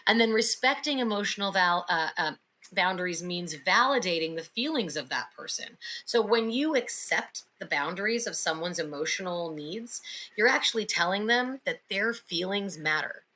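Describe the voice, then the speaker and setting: Bright-voiced woman podcast co-host. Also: fairly low pitch, low-quality recording. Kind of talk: casual podcast chat.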